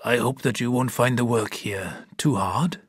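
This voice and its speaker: A man voicing a gravely ill old doctor who speaks slowly and with difficulty. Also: mid-range voice, animated, no echo, clean studio sound, heavily acted. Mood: weak weary. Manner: slow, weary, labored speech.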